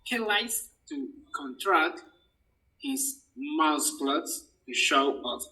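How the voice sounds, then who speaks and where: A male student reads his sentences slowly and haltingly, his bright voice rising and falling as he goes. He sounds distant from the mic, as if sitting back from a laptop in an online class. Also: a little high, sing-song. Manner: hesitant, reads slowly and corrects himself. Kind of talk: reading sentences aloud in class.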